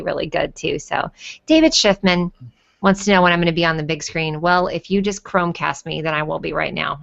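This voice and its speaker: A woman's voice: lowish voice, vocal fry, a bit bright, lo-fi sound. A woman hosting a casual video call chat, playful and chatty, cursing now and then. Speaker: host.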